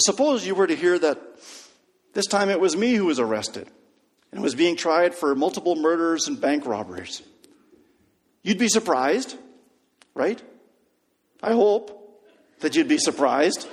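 A man preaching a sermon, telling a story and dropping to a hush on key lines. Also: on the high side, slightly rough. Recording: long hall reverb.

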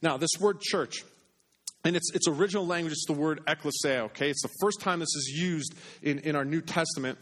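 Guy preaching a sermon, repeats stuff for emphasis, voice drops to a hush a lot. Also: on the high side, brisk. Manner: earnest preaching, repeats phrases for emphasis, swings between loud and hushed. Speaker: pastor.

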